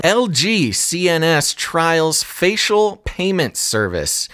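A man's voice: on the high side, very animated, takes it slowly, few pauses, fairly bright tone. Guy cohosting a live stream, chatty and loose, reads news out with little jokes. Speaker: co-host of a news talk show. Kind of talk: casual live-stream chat and article reading.

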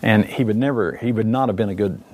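A man's voice: fairly low pitch, fast talker, darkish tone. An older man giving an interview, recalling his years leading a recovery team, rambling and correcting himself as he goes. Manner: rambling, with many fillers and self-corrections. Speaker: interview guest, former condor recovery team leader. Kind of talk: reflective interview recollection.

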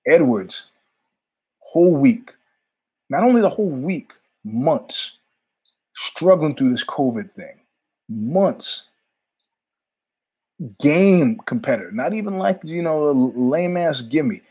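A middle-aged man from New York hosting his own show, telling stories in a rambling, animated monologue full of asides. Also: on the high side, slow, long pauses, slightly rough. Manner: rambling, animated, jumps between tangents with asides. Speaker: podcast host. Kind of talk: casual monologue storytelling.

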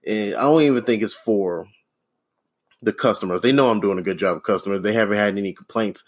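A man hosting a podcast alone, rambling in a deadpan, sardonic way, swearing freely and filling with ums and restarts. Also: fairly low pitch, brisk. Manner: profane, rambling, sardonic, many fillers and restarts. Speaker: podcast host. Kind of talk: casual solo rant.

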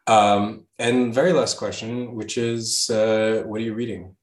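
A man's voice: lowish voice, steady tone, a little slow. A man hosting an interview, asking questions in a hesitant, filler-heavy way. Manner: hesitant, many fillers and restarts. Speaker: interview host. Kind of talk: casual interview conversation. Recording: echoey room.

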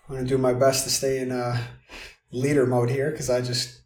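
A man guiding another person through a visualization exercise in a calm, instructive, soothing way. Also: medium pitch. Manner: calm, instructive, slow and soothing in the guided parts. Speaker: guide leading an emotional release exercise. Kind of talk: guided visualization and coaching. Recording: roomy, distant from the mic.

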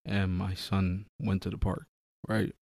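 A man's voice: sits low, measured pace, vocal fry, dry recording, studio quality. A man in a casual, profane podcast chat who acts out little scenes as he talks. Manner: animated, profane, acts out bits.

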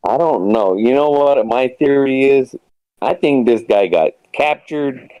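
A man's voice: mid-range voice, lively intonation, a little slow, clear, resonant tone, dry recording. A man in casual podcast chat, rambling with lots of fillers and restarts, swearing casually. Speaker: guest. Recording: dull lo-fi sound.

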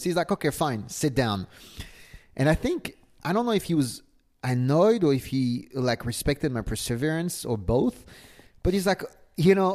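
A man with a French accent, telling a story as an interview guest, animated, restarting often and swearing casually. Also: mid-range voice, moderate pace. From France.

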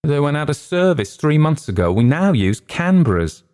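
A man's voice: fairly high pitch, big pitch swings, normal speed, a little mellow, clear, resonant tone, pitched above the performer's own voice. A man doing a curt duty meteorologist. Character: brisk male duty meteorologist. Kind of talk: audiobook character voice.

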